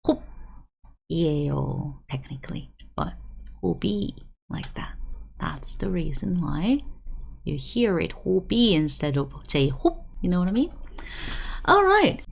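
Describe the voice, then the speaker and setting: A woman's voice: lowish voice, vocal fry. A young woman teaching an online language lesson, drilling words by repetition and checking in with "right?" as she explains. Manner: animated, drills words by repeating them, asks "right?" often.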